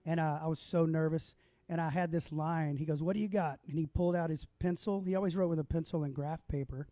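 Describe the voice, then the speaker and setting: A man's voice: on the high side, fairly even intonation, brisk, dark tone, no room sound. A man hosting a casual livestream, chatting with a guest and telling stories in an easygoing way. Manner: easygoing storyteller, laughs often. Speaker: host.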